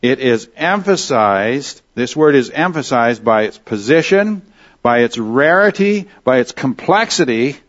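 A man's voice: medium pitch, expressive, measured pace, muffled recording. A man teaching a Bible lesson in an explanatory way, often correcting himself and asking the class questions.

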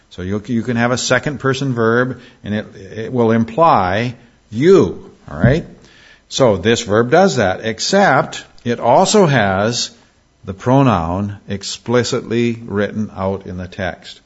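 Low-voiced man preaching a sermon. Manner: emphatic, repeats and restarts phrases, reads scripture slowly. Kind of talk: expository sermon. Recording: dull lo-fi sermon recording.

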